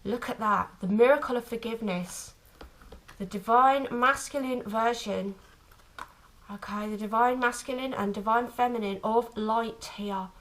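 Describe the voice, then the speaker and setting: A woman giving an intuitive tarot reading to camera, speaking tenderly and haltingly, with frequent restarts. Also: a little high, fairly bright tone, low-quality recording. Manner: tender, calls listener "my lovely"; halting, many restarts and fillers. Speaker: tarot reader.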